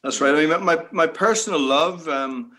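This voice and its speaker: A man's voice: fairly high pitch, moderate pace, pushed and bright. A middle-aged man, a guest in an interview on a video call, talking reflectively with many "you know" asides. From Northern Ireland. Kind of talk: reminiscing interview talk.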